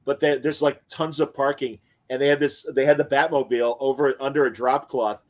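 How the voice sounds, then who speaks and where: A man in a relaxed show chat who tells stories with energy. His voice sits at an average pitch. He swears casually as he goes. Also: brisk. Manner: animated storyteller, swears casually. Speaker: podcast host.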